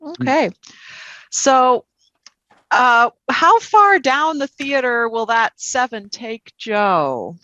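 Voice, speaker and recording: A woman playing a tabletop role-play game, asking the game master deliberate questions. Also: on the high side, lively intonation, sharp tone, no echo, highs cut off. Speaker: player.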